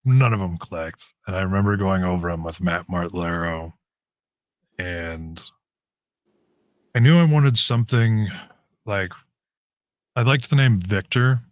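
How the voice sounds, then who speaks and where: A man with a raspy voice, a guest telling stories casually in an interview and acting out the lines of people in them. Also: sits low, a little slow, long pauses, no echo. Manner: animated storyteller, acts out quoted lines.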